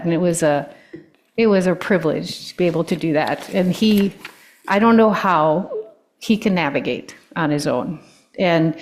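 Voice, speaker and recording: A woman, an older guest speaker giving a personal talk with stories, often pausing with ums and restarting sentences. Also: on the low side. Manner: warm storytelling, with frequent ums and restarts.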